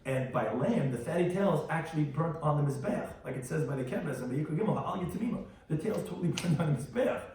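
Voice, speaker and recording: Male rabbi, Talmud lecture, quick and animated, explains each term, boomy room and distant mic. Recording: very echoey room, mic far off.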